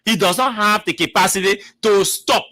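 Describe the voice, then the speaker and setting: A man's voice: high voice, moderate pace, sharp tone, dry recording. A man hosting a radio talk show, arguing and mocking as he repeats his words. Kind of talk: radio commentary.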